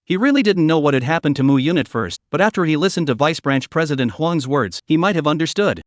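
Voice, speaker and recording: This story recap comes from a synthetic male voice, pitched a little high for a man and reading quickly in a flat, mechanical way. The sound is close and dry, without any echo.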